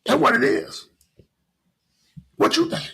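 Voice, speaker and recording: A middle-aged man hosting a podcast, talking in an animated, preachy way with lots of repetition. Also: takes it slowly, rough recording. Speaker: podcast host. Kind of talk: casual podcast monologue.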